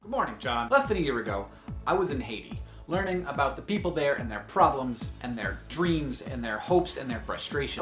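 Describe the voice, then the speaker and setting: Man, higher voice, eager vlog narration, roomy sound, faint music. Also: a bit bright. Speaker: video blogger.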